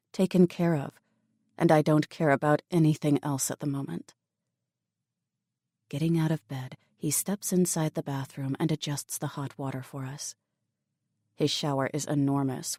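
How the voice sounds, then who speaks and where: A woman narrating a first-person audiobook with a low, dark, mellow voice. Her reading is intimate and emotional. The recording is close and completely dry. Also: no echo.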